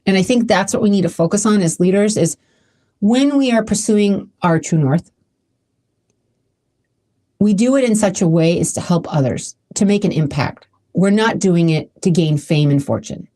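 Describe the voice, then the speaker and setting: Chatty, mellow-voiced woman podcaster. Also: medium pitch, lively intonation, moderate pace. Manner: chatty and emotional, with many restarts. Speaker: podcast host. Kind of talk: casual solo podcast talk.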